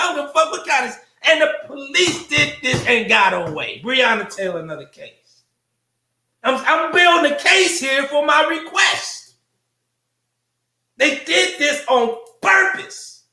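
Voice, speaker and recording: A man rails through a fiery monologue, his bright, forceful voice swinging up and down in pitch. He preaches with profanity, throws out rhetorical questions and repeats lines for effect. The sound bounces around an echoey room. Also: lively intonation, unhurried. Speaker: show host.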